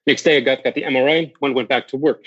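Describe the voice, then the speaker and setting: A man's voice: mid-range voice, fairly even intonation, quick pace, a bit bright, slightly rough, muffled recording. A man as a podcast guest candidly recounting a personal near-death story, swearing freely and often restarting his sentences.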